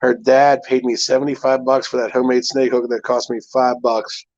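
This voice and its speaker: A man telling stories on a relaxed live stream, stringing them together with "I'm like" and "he goes." His voice sits at a middling pitch. The sound is dry and a bit dull, like lo-fi stream audio. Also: normal speed, no room sound. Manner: rambling storyteller, fillers like "I'm like". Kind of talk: casual chat.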